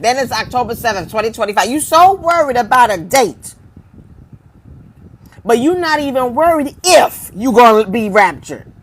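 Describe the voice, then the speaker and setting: A woman's voice: a little high, a bit bright, a little hiss or hum, low-quality recording. A woman preaching informally on a live stream, firing rhetorical questions at her viewers and repeating phrases for emphasis.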